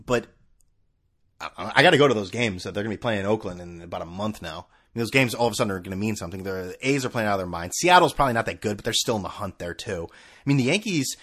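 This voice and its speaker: A husky-voiced man rants about sports on his podcast, sarcastic and swearing freely. His pitch swings up and down as he gets worked up. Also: expressive, fast, a bit bright. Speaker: podcast host.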